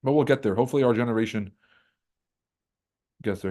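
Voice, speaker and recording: A man with a dark, mellow voice rants on a trading livestream. He swears freely and runs on in loose, casual commentary. He mocks other people by putting on voices. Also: mid-range voice, fairly quick. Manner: profane, animated, mocks others in put-on voices. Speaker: livestream host.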